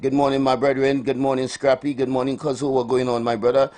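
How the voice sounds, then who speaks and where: A man's voice: medium pitch, completely flat delivery, fast talker, warm tone. A man hosting a live morning radio health show, calling out cheerful greetings and giving preachy asides. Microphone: studio microphone.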